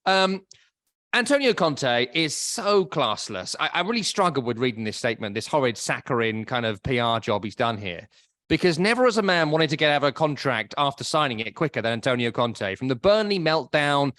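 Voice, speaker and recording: A man's voice: medium pitch, animated, brisk, a bit bright, dry recording, clean studio sound. A man with an English accent co-hosting a casual football podcast, wry and opinionated. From England. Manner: opinionated, wry, hesitant restarts. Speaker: podcast co-host.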